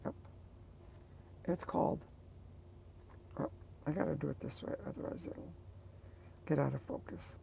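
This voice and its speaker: A woman's voice: low voice, steady tone, measured pace, gravelly, long pauses, dark tone, slight background noise. A woman vlogger chatting casually to her viewers, rambling and hesitant as she searches for words.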